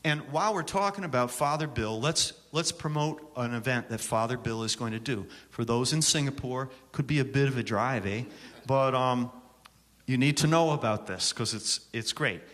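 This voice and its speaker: A man from Syracuse, New York leads a songwriting workshop at a conference, bantering and joking before a live audience, with long hall reverb on the recording. He talks at normal speed in a mid-range, slightly bright voice.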